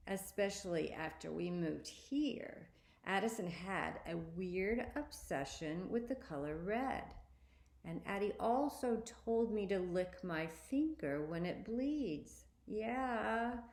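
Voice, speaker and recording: A woman reading a children's spooky story aloud, expressively, often lifting her pitch for emphasis. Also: creaky, a little mellow, echoey room. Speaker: story reader.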